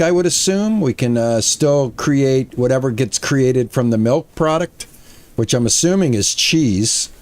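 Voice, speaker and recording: A man's voice: medium pitch, a little mellow. Chatty male streamer thinking aloud. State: out of breath. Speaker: gaming streamer. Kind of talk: casual gameplay commentary. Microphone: headset.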